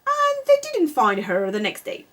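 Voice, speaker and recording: Woman, children's story read-aloud, lively sing-song pitch, unhurried. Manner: slow, expressive, sing-song. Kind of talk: reading a children's picture book aloud.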